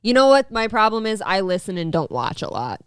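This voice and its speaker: A woman's voice: medium pitch, sing-song, a little fast, clean tone, no room sound, studio quality. A woman co-hosting a casual podcast, bantering wryly. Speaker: podcast co-host.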